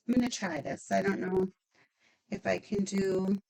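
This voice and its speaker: A woman's voice: medium pitch, steady tone, a little slow, gravelly, warm tone, rough recording. A woman demonstrating a stamping craft project, chatty and upbeat, thinking aloud as she works.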